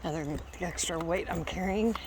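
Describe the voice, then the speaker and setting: A woman's voice: on the low side, fairly quick. A woman vlogging on a dog walk outdoors, chatting casually, a little out of breath, now and then calling commands to her dog. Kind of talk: casual walking vlog. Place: outdoors in a small town. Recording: noisy outdoor recording.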